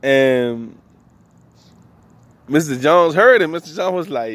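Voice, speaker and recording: A man's voice: a little high, lively intonation, slow pace, pauses often, a bit bright, no echo. A man from New Orleans with a New Orleans accent, telling loose, slangy comic stories and laughing between lines. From New Orleans, USA. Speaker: comedian. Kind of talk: stand-up storytelling.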